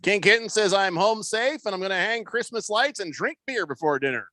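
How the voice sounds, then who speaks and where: A man's voice: sits high, lively intonation, fairly quick, pushed and bright, dry recording. A man hosting a sports radio show in casual chat, rambling loosely with plenty of fillers and restarts. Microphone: studio microphone.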